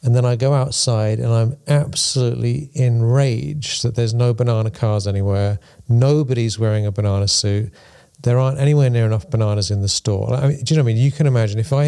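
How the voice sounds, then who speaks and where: A man co-hosts a podcast on spiritual topics, speaking at medium pitch with a creaky, dark tone. He thinks things through carefully and leans on playful examples.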